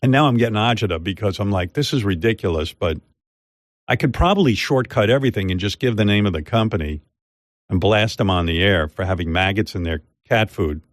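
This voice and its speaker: A man's voice: lowish voice, brisk, dry recording. An older man, a radio host, telling a long rambling story in casual chat on a studio mic. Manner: rambling, animated, mimics others' voices in quotes. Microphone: studio microphone.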